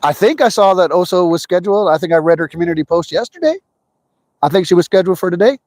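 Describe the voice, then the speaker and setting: A man's voice: high voice, fast talker, no echo. A man hosting a fishing livestream outdoors, chatting casually with viewers and greeting them by name. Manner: chatty, greets viewers by name, excitable when a fish bites. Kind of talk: casual live chat while fishing. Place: outdoors by a trout stream.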